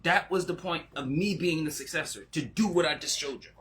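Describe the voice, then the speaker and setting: A man talking casually as a spiritual teacher. He gets excited, laughs, and jumps into high exclamations, then slows and goes quiet when he turns reflective. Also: a little hiss or hum. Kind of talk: casual spiritual vlog talk.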